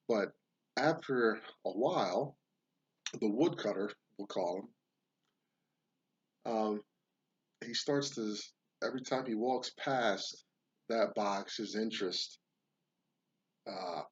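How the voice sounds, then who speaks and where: A man hosts a rambling monologue and drifts into telling a folksy parable. He speaks slowly in a husky voice. The recording is slightly dull and lo-fi. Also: lowish voice. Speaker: podcast host. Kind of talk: casual monologue with storytelling.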